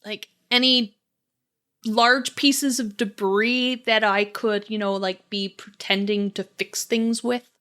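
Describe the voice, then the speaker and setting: A woman's voice: a little high, steady tone, slow, a bit bright. A woman playing a tabletop game, speaking hesitantly with many ums. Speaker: player.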